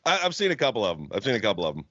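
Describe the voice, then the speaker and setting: A man from Florida hosting a casual chat podcast, excitable and profane, laughing often and stumbling over repeated words. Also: on the low side, very fast, no room sound, highs cut off. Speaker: podcast host.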